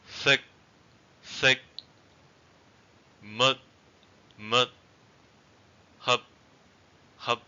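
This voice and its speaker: A man's voice: deep voice, bright, forceful tone, smooth, muffled recording. A man giving an online language lesson, explaining patiently with "uh" fillers and saying each example word twice for learners to repeat. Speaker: language teacher.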